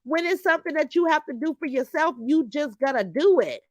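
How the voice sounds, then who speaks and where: A woman's voice: sits high, lively intonation, fairly quick, no echo. A woman, casually hosting a live stream and talking straight to her viewers. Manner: chatty, addresses viewers directly, reads comments aloud. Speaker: livestream host reading chat.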